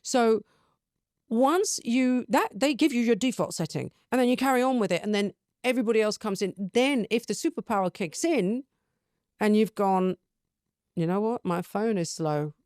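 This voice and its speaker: A middle-aged woman hosting a casual spiritual chat, animated and acting out her own inner dialogues. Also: on the high side, normal speed, no echo, studio quality. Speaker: podcast host.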